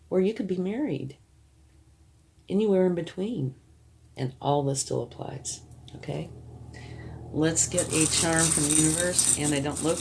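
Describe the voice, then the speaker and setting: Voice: mid-range voice, darkish tone, slight background noise. A tarot reader giving a reading to the viewer, reassuring and often checking in, thinking aloud while turning cards.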